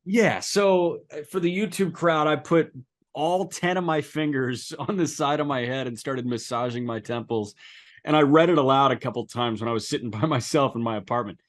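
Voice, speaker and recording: On a laid-back sports podcast, a male co-host talks at a normal speed, sounding animated and incredulous. His pitch leaps high and emphatic whenever he drives a point home.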